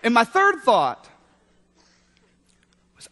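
A man's voice: very high-pitched, very animated, moderate pace, fairly bright tone. A man in his thirties preaching a sermon, telling a story with playful asides. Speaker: pastor. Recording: long hall reverb.

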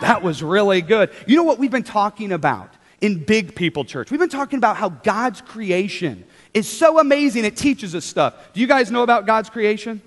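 A young man leading a children's church talk, upbeat and animated, coaxing the kids to join in. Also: sits high, normal speed, hardly any pauses, over a noisy crowd, heavy background noise. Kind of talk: children's sermon. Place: large church hall with children. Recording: hall reverb.

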